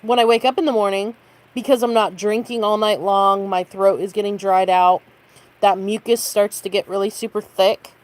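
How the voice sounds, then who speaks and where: A woman chatting casually on a late-night stream from her bedroom, often coughing and clearing her throat. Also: steady tone, moderate pace. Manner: high baby-talk voice to her cat.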